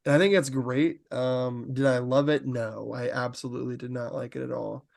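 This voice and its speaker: A man co-hosting a podcast, talking in a rambling, animated way with lots of fillers. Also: mid-range voice, moderate pace, creaky, slight background noise. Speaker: podcast co-host. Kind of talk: casual podcast chat.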